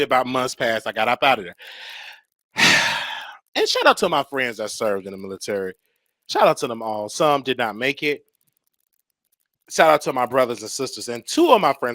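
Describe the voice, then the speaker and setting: A young man hosting a show, telling a comedic story in an animated way and acting out the voices. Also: medium pitch, no echo. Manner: animated, acts out voices, laughs between lines. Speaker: show host.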